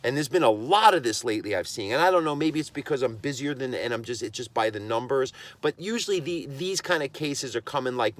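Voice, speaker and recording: A man's voice: medium pitch, no echo. A man who trains dogs, hosting his own podcast and delivering a blunt, impassioned monologue. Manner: impassioned ranting, blunt and emphatic. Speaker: podcast host and dog trainer.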